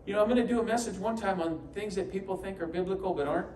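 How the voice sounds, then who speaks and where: A man's voice: high-pitched, very fast, darkish tone, a little hiss or hum. A man from New York preaching a sermon as pastor, telling stories with humorous asides and acting out the voices he quotes. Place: church sanctuary. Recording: echoey church hall, mic from a distance, faint ambience.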